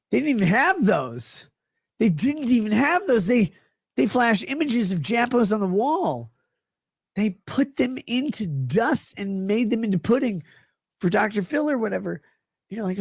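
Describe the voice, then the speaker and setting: A woman's voice: mid-range voice, very animated, normal speed, a little mellow, husky, no room sound. A woman in her thirties co-hosting a casual podcast, rambling through absurd jokes with laughs. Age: 30s. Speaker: podcast co-host. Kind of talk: casual comedic chat.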